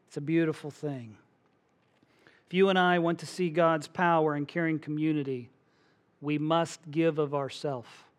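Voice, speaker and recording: A middle-aged man preaching a sermon as a pastor, telling stories with lively acted-out voices. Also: fairly high pitch. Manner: animated storytelling, acts out voices.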